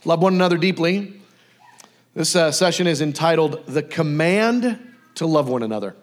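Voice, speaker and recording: A man giving a casual, conversational sermon, often acting out lively bits of dialogue. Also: on the high side, normal speed. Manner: casual, animated, acts out dialogue. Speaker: preacher.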